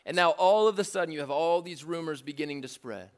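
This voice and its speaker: A man preaching a sermon in a lively, joking way, acting out the voices of the crowd. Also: on the high side, fast talker, hardly any pauses, clean tone. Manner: animated, jokey preaching with acted-out crowd voices. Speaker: pastor.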